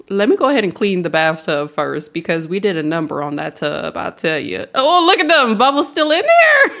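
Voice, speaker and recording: A woman's voice: mid-range voice, a bit bright. A young woman casually commenting on her life-sim gameplay, chatty and giggly, often talking to the characters on screen. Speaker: let's play host.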